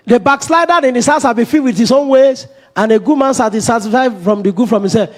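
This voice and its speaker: A middle-aged man, a pastor, preaching an animated sermon, acting out quoted voices and laughing often. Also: very high-pitched.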